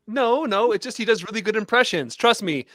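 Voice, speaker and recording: A man's voice: high voice, animated, fairly quick, fairly bright tone, no echo, clean studio sound. A man hosting an online comedy show, playing the exasperated straight man in scripted banter.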